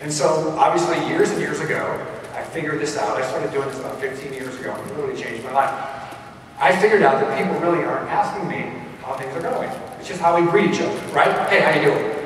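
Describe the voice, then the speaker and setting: Energetic man keynoting in an echoey hall. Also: on the high side, fairly quick, slight background noise. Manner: energetic, punchy, addresses the crowd directly. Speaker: motivational keynote speaker. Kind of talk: live motivational keynote. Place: large event hall. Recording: echoey hall recorded from far off.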